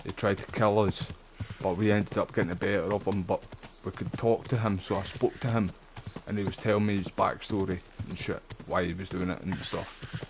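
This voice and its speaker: Chatty Scottish man, low voice. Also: fairly even intonation, brisk, hardly any pauses, slight background noise. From Scotland. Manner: chatty, rambling, swears. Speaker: streamer. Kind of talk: live gameplay commentary.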